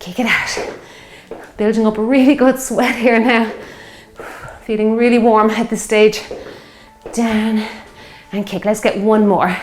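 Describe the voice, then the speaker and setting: A woman's voice: fairly high pitch, little pitch movement, a little slow, darkish tone, a little hiss or hum. Upbeat woman leading a workout. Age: 50s. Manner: encouraging, upbeat cues over exercise. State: out of breath at times. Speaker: fitness instructor. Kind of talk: workout class instruction. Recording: echoey room with workout music.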